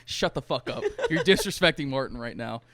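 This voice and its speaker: A man's voice: medium pitch, expressive, a little fast, a bit bright, no room sound. A man hosting a podcast, casually retelling a movie plot with lots of swearing and laughter. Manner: profane, laughing storyteller. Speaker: podcast host.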